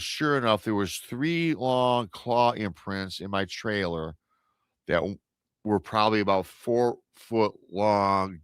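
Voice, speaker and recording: A man on a paranormal radio show retelling an encounter story in a casual, animated way, acting out the quoted voices and often restarting his sentences. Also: fairly low pitch, clear, resonant tone, no echo, clean studio sound.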